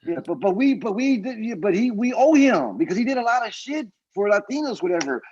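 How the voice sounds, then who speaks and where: A man, a guest comedian on a podcast, telling stories in casual chat, profane and animated, acting out what others said. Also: high-pitched, a little fast, slightly rough, muffled recording. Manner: animated storytelling, profane, acts out quotes.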